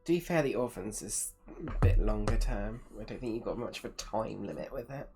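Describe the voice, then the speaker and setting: Low-voiced, blunt woman player. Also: brisk, music in the background. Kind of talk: casual chat at a tabletop game.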